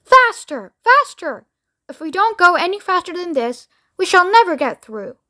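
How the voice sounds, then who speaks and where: A giddy, eccentric male candy maker gushes in quick bursts of delight, as a woman puts him on. The voice sits high and bright, bubbling over with excitement in a storybook read-aloud. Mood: gleeful. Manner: bubbly, rapid, exclamatory.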